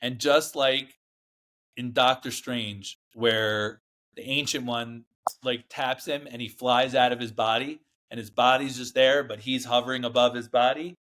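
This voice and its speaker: An earnest man speaking as a guest on a podcast, with a voice of middling pitch. He rambles through a personal story with frequent fillers and restarts. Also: fairly even intonation, unhurried, a bit bright. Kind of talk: casual storytelling interview.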